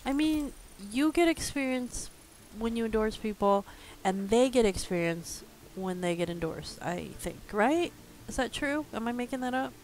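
A woman's voice: on the high side, lively intonation, normal speed, darkish tone, a little hiss or hum. A woman streaming a video game, chatting casually, teasing someone in the room and laughing often. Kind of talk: casual gameplay chat.

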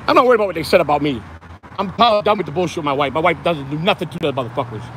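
A man rants on a phone livestream while out walking in the heat, swearing and repeating himself. His voice sits fairly high for a man. Faint traffic hum runs behind him. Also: racing. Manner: profane, ranting, repetitive. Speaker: host. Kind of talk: angry livestream rant. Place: outdoors, walking in hot sun.

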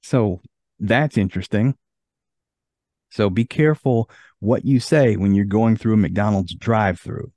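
A man's voice: fairly low pitch, measured pace, dark tone, no echo. A man hosting a podcast in casual chat, easygoing and reading from an article. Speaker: podcast host.

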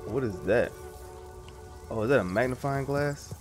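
This gaming streamer has a mid-range voice at a moderate pace, with game music audible behind him. His commentary is casual and slangy, he addresses viewers as bro and y'all, and he's jumpy, swearing and laughing whenever he gets startled.

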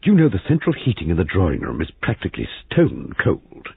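A man voicing an imperious elderly woman guest, haughty and cutting, with slow emphatic words, heard in a phone-like, lo-fi reading. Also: sits low, huge pitch swings, slightly rough, no room sound, full character voice.

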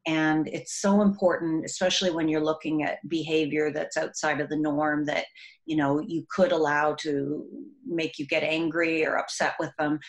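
Low-pitched middle-aged woman, educator, earnest and warm-hearted interview delivery, lively in anecdotes. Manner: earnest, animated when telling classroom stories. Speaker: author and educator. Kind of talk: recorded interview.

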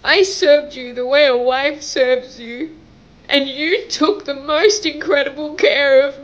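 A woman's voice: high-pitched, slow pace, highs cut off. A young woman vlogger making an emotional message to camera, pleading and tearful, her voice breaking as she cries at times. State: crying at times.

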